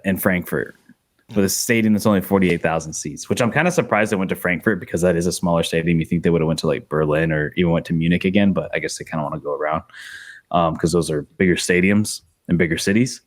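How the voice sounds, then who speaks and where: Podcast co-host, man, lower voice, chatty and opinionated. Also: a little fast. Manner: opinionated, talks in long runs with fillers. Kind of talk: casual sports chat.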